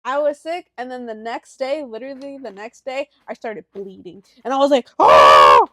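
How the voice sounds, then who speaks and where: A young woman with a high voice chats on a podcast with her brother. She is giggly and casual, and her voice sounds dry and close to the mic. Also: moderate pace, no echo. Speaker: podcast co-host. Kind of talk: casual chat.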